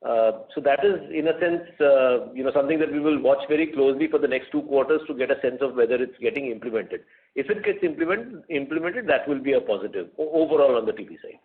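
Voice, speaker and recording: Exec guy thinking out loud with lots of uh and you know, phone-line sound. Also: medium pitch, animated, fast. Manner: thoughtful, hesitant, many fillers. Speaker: company executive answering analysts. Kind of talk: unscripted answers on an earnings call.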